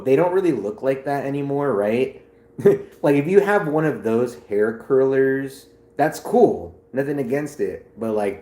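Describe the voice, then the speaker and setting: A man's voice: medium pitch, a little mellow, reverberant. A man livestreaming, chatting loosely with viewers in a rambling, swearing way. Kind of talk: casual chat with viewers.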